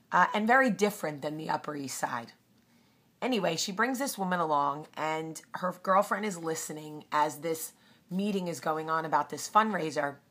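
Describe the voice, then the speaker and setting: A woman's voice: sits low, fairly bright tone. A woman hosting a casual storytelling vlog, chatty with frequent ums. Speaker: host.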